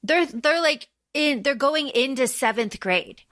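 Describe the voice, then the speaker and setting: Bright high-voiced young woman. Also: lively intonation, a little slow. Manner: enthusiastic, quotes lines playfully. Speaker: podcast co-host. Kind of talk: casual chat.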